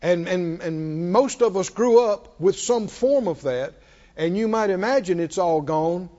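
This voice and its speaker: A man preaching a sermon, calling out to his congregation and swinging between loud and hushed. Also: sits high, a little slow. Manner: call-and-response preaching, rising and falling in volume. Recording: dull sound in a large reverberant hall.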